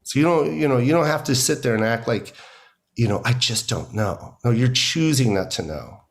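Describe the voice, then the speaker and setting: With a mid-range voice that's animated and a little fast, a middle-aged American man chats in an interview as the guest comedian. He speaks emphatically, leaning on "you know" again and again.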